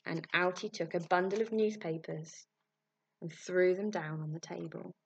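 A woman reading a storybook aloud with lively expression. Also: fairly low pitch, moderate pace, gravelly, slightly rough. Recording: muffled lo-fi recording.

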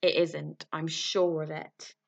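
A woman reading a storybook aloud, voicing a weedy, timid little rich man who squeaks and squeals with excitement. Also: takes it slowly, creaky, lo-fi sound, full character voice. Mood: squeaky excited. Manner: excited, twittery.

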